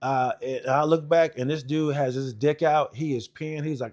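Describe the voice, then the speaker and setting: Forties male veteran, slightly high voice, casual swearing storyteller with many ums. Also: normal speed, hardly any pauses, a little mellow. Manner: rambling and profane, with many fillers and restarts. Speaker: Air Force veteran recounting his service.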